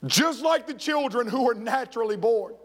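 A man's voice: extremely high pitch, animated, moderate pace. A man preaching a sermon as pastor, telling stories and acting out the voices of the people in them. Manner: storytelling preacher, acts out quoted voices. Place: church sanctuary. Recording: echoey church hall.

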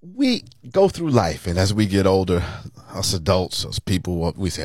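Man, pastor hosting an interview, lively pitch swings, dry recording. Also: normal speed, dry recording. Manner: animated, folksy, laughs with guest. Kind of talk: casual interview.

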